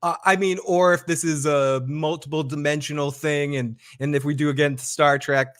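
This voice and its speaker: A man's voice: on the high side, fairly even intonation, moderate pace, a bit bright, no room sound, studio quality. A man co-hosting a live stream in casual chat, joking and conversational.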